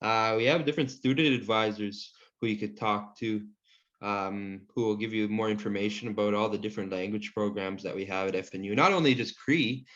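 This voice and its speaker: A man teaching an online language class, answering questions in a relaxed, friendly way with many fillers. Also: lowish voice, brisk. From Saskatchewan, Canada. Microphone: video call. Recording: muffled video call audio.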